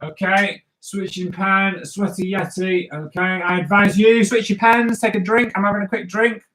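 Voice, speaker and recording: A playful man with a fairly high voice talks his viewers through live cartoon drawing. His commentary is jokey and chatty, full of asides and silly sounds as he draws. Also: fairly even intonation, normal speed, fairly bright tone, rough recording. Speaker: cartoonist host. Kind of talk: live drawing stream for kids.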